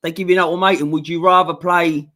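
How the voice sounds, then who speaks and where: High bright bloke, chatty. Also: male voice, flat delivery, fast. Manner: chatty, rambling, laughs a lot. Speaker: co-host. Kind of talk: casual football chat.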